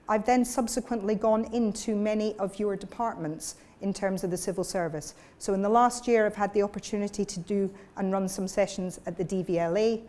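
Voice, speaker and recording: A woman communications coach giving a workshop lecture, lively and demonstrative with her audience. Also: mid-range voice.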